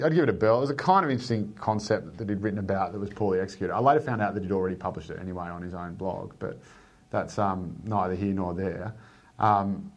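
A man, a newspaper editor talking bluntly and sardonically in an interview, swearing freely. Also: lowish voice. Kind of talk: candid interview talk.

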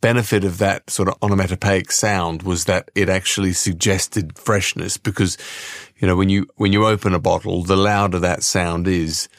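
A man's voice: sits low, fairly even intonation, moderate pace, dry recording, studio quality. A man hosting a podcast segment, presenting and interviewing in an upbeat, encouraging way.

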